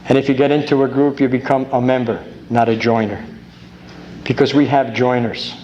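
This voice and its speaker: A man's voice: medium pitch, normal speed, dull audio. Grateful older-sounding man telling a folksy story. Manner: folksy, grateful, tells jokes with rising excitement. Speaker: speaker at a recovery convention. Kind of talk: recovery meeting talk with storytelling. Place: large convention hall. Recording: old tape with faint hiss.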